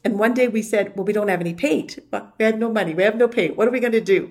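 A woman's voice: mid-range voice, quick pace, darkish tone. Laughing woman sharing a story. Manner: laughs often while telling stories. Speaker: fellow muralist. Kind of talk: casual conversation.

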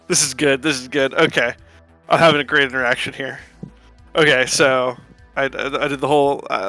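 A man co-hosting a podcast in casual chat, animated as he reads out chat exchanges. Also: mid-range voice, normal speed, no echo, soft background music. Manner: animated, reads chat logs aloud with amusement.

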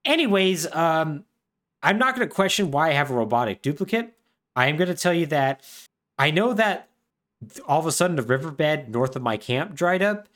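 A man's voice: a little high, animated, moderate pace, fairly bright tone, pitched above the performer's own voice. A man voicing an unbothered adult man from a video game who rambles along casually. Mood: rambling. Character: rambling, unbothered adult male camp dweller.

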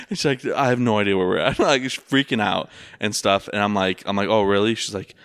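A man's voice: lowish voice, fast, hardly any pauses, a bit bright, smooth, dry recording, studio quality. A young man telling a rambling story in casual chat, full of fillers and swearing. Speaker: rideshare driver.

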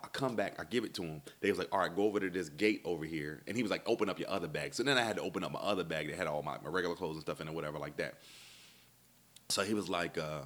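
A man, a comedian, telling a long comic travel story and acting out the people in it. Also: deep voice. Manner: animated, acts out dialogue in voices. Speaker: stand-up comedian.

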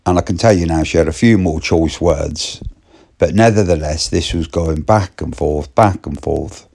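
Man, deep voice, slow and rambling, casual storyteller. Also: steady tone, a little mellow. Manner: rambling, repetitive restarts.

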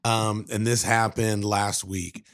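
A man co-hosting a casual chat, telling stories in an animated way with plenty of filler. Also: on the low side, takes it slowly. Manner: animated storyteller, fillers like "dude". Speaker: podcast co-host.

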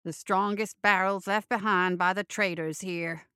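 A woman reading aloud as a gloomy male creature sidekick in a storybook, dropping her voice low and flat with a sardonic edge. Her tone stays crisp and bright, recorded close and dry. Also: normal speed, no echo. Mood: glum, sardonic.

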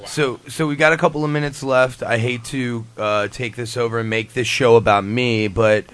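A man's voice: medium pitch, steady tone, moderate pace, a bit bright, a little hiss or hum. A man hosting a casual chat show, joking around and laughing often. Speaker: podcast host.

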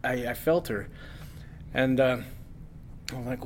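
A man guest on a podcast telling a wild story casually, animated and swearing freely as he acts out what others said. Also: mid-range voice, takes it slowly, slight background noise.

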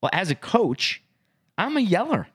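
Podcast guy telling a coaching story, voice jumps all over, yells out the quotes. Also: sits high, big pitch swings, unhurried, breathy edge. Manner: acts out his own yelling in loud quoted bursts. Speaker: podcast co-host and youth football coach. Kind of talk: casual chat, animated storytelling.

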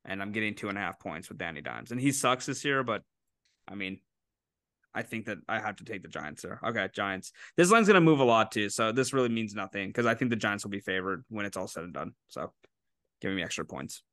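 A man co-hosting a casual sports betting podcast, animated and incredulous, quick to laugh. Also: on the low side, no echo, studio quality. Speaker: podcast co-host making picks.

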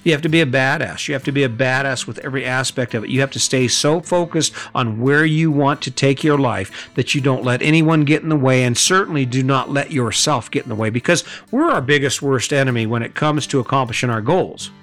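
A man's voice: mid-range voice, a little fast, few pauses, a bit bright, soft background music. A middle-aged man hosting a podcast, giving a blunt motivational monologue full of rhetorical questions and swearing. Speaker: podcast host.

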